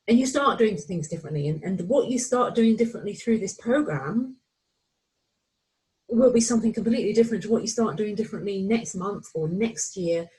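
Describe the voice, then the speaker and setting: A middle-aged woman coach walking listeners through a course module, animated and excitable, often acting out inner voices. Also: mid-range voice, poor audio. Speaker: menopause anxiety coach. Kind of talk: recorded course walkthrough.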